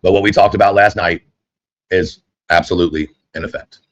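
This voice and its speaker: A man hosting a casual livestream, talking straight to his viewers in a loose, rambling flow. His voice sits fairly low, and the sound is dry and close, with no room echo. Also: steady tone, brisk, dull audio. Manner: rambling, chatty, addresses viewers directly. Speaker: online streamer.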